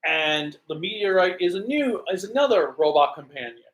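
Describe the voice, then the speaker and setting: A co-host trading quick, teasing banter in a relaxed fan chat, with a mid-range pitch. The voice sounds roomy, with echo from the space around it. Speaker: podcast co-host. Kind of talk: casual fan discussion livestream.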